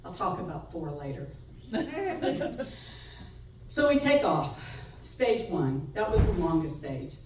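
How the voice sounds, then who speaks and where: A middle-aged woman telling a personal story live on stage, wry and animated, laughing between lines. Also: on the low side, takes it slowly, pauses often. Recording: echoey room, far mic, faint noise.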